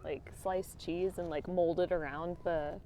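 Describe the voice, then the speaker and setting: A woman co-hosting a livestream outdoors on a clip-on mic, relaxed and casually swearing in easy chat. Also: lowish voice, a little slow, a little hiss or hum. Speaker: livestream co-host. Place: outdoors, riding scooters. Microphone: wireless clip-on microphone.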